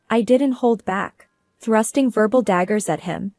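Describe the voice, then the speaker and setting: A woman's voice: mid-range voice, a little slow, no room sound. Female narrator, cool businesslike delivery, dry close recording. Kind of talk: first-person story narration.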